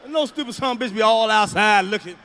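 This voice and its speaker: A middle-aged man doing a stand-up routine, ranting loudly and profanely. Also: sits high, fast, some chatter behind. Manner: profane, shouting rants. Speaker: stand-up comedian.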